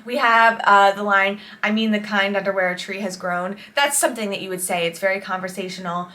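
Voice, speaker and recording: A woman's voice: medium pitch, fairly even intonation, brisk, sharp tone. A woman songwriter reacting to an album in casual, enthusiastic commentary, explaining songwriting tips as she goes.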